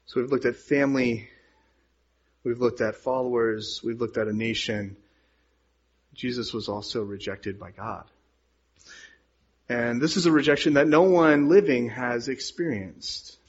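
Earnest husky male preacher. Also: medium pitch, moderate pace. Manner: earnest, rises and falls in volume. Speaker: pastor. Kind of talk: sermon with scripture reading. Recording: dull lo-fi sound.

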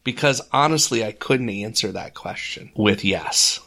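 This co-host of a faith podcast tells a personal story earnestly, imitating the voices of others during the casual faith talk. His voice is on the low side, gravelly, pushed and bright, and though animated he keeps a measured pace.

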